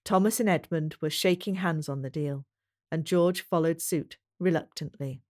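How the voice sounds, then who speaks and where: A woman reading a historical novel aloud as audiobook narrator, measured and even. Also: low-pitched. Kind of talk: storybook narration.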